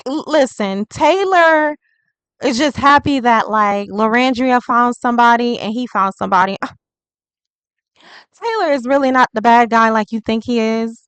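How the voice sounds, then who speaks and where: Chatty woman tarot reader, higher voice. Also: normal speed, a bit bright, clean tone, dry recording, poor audio. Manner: chatty and rambling, heavy use of "like". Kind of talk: casual tarot reading vlog.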